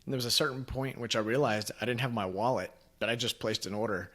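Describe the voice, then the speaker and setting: A man co-hosting a podcast in an easygoing, casual way. He laughs often, swears in passing, and rambles a little through his anecdote. His voice sits at a middle pitch. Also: quick pace, fairly bright tone. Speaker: podcast co-host. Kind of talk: casual chat.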